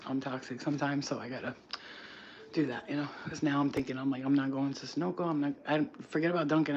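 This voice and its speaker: A man's voice: medium pitch, muffled recording, a little hiss or hum. A man in a casual livestream chat, giving spiritual readings in a blunt, chatty way and swearing freely.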